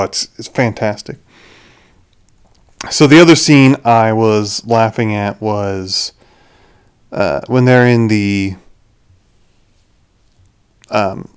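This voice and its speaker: A man's voice: on the low side, smooth. A young man hosting a podcast, rambling through a casual movie review with frequent restarts. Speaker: podcast host.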